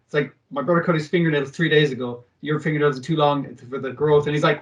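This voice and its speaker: A man's voice: on the high side, quick pace, few pauses, distant mic. A man co-hosting a podcast, recapping an anime episode in casual chat, swearing and acting out the characters' lines. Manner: sweary, animated, acts out quotes. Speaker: podcast co-host.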